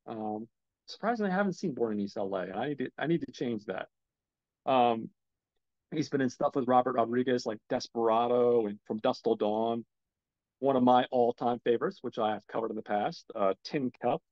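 A man's voice: mid-range voice, darkish tone, no room sound, dull audio. A man hosting a casual film podcast alone, rambling with many ums and swearing when his gear acts up. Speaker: podcast host reviewing films. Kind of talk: casual solo film talk.

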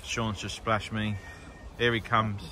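A man's voice: lowish voice, level tone, slow pace, sharp tone. A man filming a casual outing by a river, narrating with teasing jokes and frequent laughs. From England. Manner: jokey, teasing, laughs often. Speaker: vlogger filming a magnet fishing outing. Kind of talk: casual filmed running commentary. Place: outdoors by a river. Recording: noisy outdoor recording.

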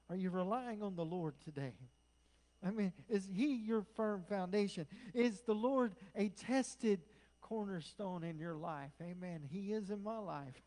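Middle-aged male pastor, higher pitch, impassioned Pentecostal preaching in a church. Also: a little slow, rough recording. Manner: impassioned preaching, swinging from loud declarations to soft whispers. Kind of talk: Pentecostal sermon. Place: church sanctuary.

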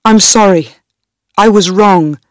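A woman's voice: mid-range voice, slow pace, no room sound, natural voice. A woman voicing a frightened young man who pleads and stammers in fear. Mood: fearful pleading. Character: frightened weak young man, a queen's husband.

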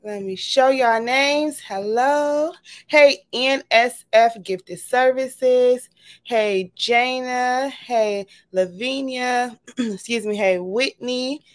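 A woman's voice: fairly high pitch, drawn-out words. A woman hosting a casual livestream, bubbly and greeting her viewers one by one. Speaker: livestream host.

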